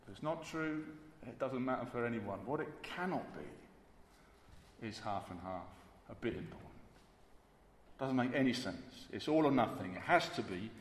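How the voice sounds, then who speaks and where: A man's voice: mid-range voice, lively intonation, moderate pace, slight background noise. A man preaching a sermon emphatically, repeating key words for weight. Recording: echoey hall with faint ambience.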